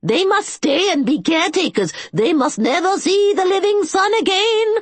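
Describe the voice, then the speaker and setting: A woman voicing a timid old male tomb caretaker who talks in a squeaky, quavering, desperate way. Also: expressive, normal speed, dry recording.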